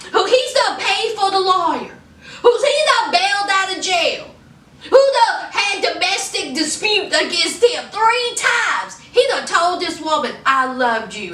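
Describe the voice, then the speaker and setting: A sassy young woman, gossiping in a chatty way. Her voice is high and piercingly bright. She is recorded in an echoey room, a little away from the mic. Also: far from the mic. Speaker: YouTube recap host. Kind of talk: casual chatty recap. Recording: roomy echo, off-mic.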